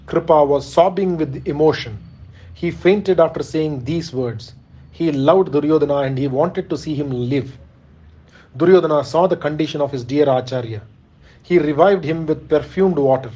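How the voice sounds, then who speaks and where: A man narrates an epic tale at a measured, earnest pace. His voice is mellow and slightly high, captured on a dull, lo-fi recording.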